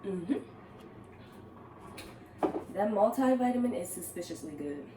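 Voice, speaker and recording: A woman's voice: mid-range voice, expressive, a little slow, noisy background. A woman chatting casually with her viewers while getting ready at home, laughing often and calling them "girl". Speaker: vlogger. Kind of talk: casual get-ready-with-me chat. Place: home kitchen, then upstairs.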